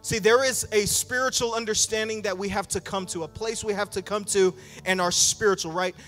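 A man's voice: sits high, fairly even intonation, brisk, a bit bright. A male pastor preaching a sermon in a conversational way, acting out quoted apologies and calling for amens. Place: church sanctuary. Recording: church hall reverb with faint music.

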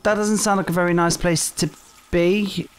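A man giving foul-mouthed, excitable let's-play commentary over a video game. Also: sits high, normal speed, clean tone. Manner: profane, excitable reactions. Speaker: gaming YouTuber. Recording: game music playing loudly underneath.

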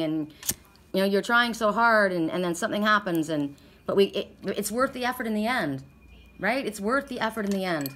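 A woman's voice: fairly low pitch, a bit bright, slight background noise. A woman with a sore throat giving a casual, rambling oracle card reading, stressing her points with many restarts.

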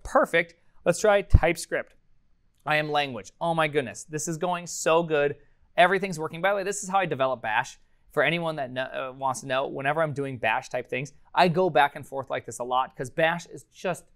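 Excitable man live-coding a tutorial. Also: on the high side. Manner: excitable, energetic, thinks aloud with many fillers and sudden upbeat exclamations. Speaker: programming course instructor.

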